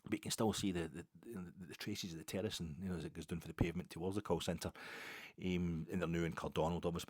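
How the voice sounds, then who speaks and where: A man's voice: low-pitched, a little mellow, slightly rough. A Scottish man hosting a podcast, telling a rambling, self-mocking anecdote with plenty of swearing. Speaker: podcast host. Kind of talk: casual anecdote storytelling.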